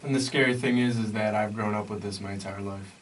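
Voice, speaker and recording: A man's voice: lowish voice, fairly even intonation, fast talker, far from the mic, low-quality recording. A man hosting a podcast, talking in an earnest, preachy way about health and diet. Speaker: podcast host. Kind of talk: casual podcast chat.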